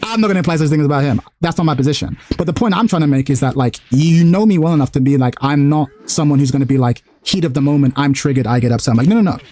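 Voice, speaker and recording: A young man hosting a stream, talking fast and animatedly, arguing his point and acting out quotes in casual chat. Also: fairly high pitch, warm tone. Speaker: streamer host.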